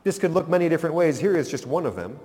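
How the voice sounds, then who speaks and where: Male pastor preaching, emphatic rises and quiet drops, long church reverb. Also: on the high side, expressive, rapid-fire. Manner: emphatic, rising and dropping for effect. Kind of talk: sermon.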